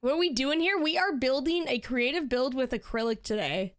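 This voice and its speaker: A woman's voice: high-pitched, fairly quick. A woman streaming and chatting casually while she builds in a game, laughing often.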